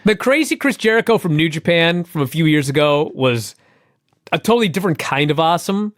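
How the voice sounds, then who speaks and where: A man co-hosting a podcast, chatting casually as an excitable, enthusiastic fan. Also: brisk, no room sound, clean studio sound. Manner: excitable, enthusiastic fan who jumps up in pitch when thrilled. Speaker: podcast co-host. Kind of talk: casual chat.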